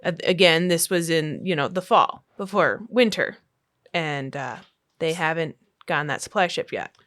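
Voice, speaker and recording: A woman hosting a podcast, telling a true story in a relaxed, chatty way with fillers and laughs. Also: deep voice, normal speed. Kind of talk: casual storytelling chat.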